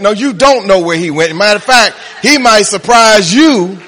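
High-voiced preacher in an echoing hall. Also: male voice, animated, normal speed, some chatter behind. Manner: preaching with humor, rising to loud, laughing punchlines. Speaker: pastor. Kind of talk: sermon.

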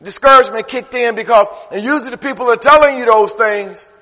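Preaching man with a high voice in a reverberant church. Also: fast, bright, forceful tone. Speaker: pastor. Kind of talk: sermon.

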